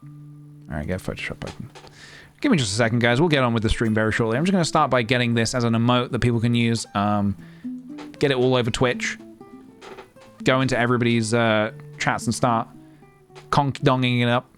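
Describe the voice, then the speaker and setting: A man's voice: mid-range voice, fairly quick, long pauses, faint music behind. A man in his thirties chatting casually on a live stream, playful and rambling as he talks himself through his work. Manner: playful, rambling, talking to himself while working.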